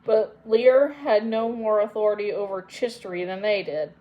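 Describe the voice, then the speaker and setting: A woman narrating an audiobook in a measured, unhurried way. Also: mid-range voice, lo-fi sound. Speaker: audiobook reader.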